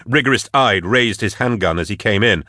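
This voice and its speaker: Reading scripted audiobook narration, a man with a fairly low pitch keeps a steady, measured storytelling style. The recording is dry and cleanly studio-made.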